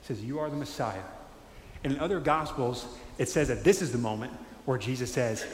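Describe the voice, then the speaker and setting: A man preaches a sermon, chatty and animated, slipping into quoted voices as he talks. His voice sits at a middle pitch. It rings out in a roomy hall with a long tail of reverb. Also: brisk, slight background noise. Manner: animated, conversational, acts out quotes. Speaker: pastor. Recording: echoey hall with faint ambience.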